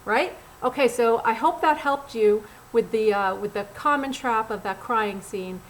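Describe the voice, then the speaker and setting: A middle-aged woman speaks as a casting director coaching actors, her voice sitting a little high. She is blunt and animated, talking casually straight to the listener. A faint ambient hum sits behind her. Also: measured pace, low-quality recording. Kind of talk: direct-to-camera acting tips. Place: Los Angeles.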